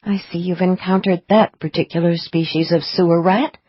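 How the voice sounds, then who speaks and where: A woman's voice: mid-range voice, measured pace, muffled recording, lightly acted. A woman doing a wary young woman psychic. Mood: earnest. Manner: earnest, quiet.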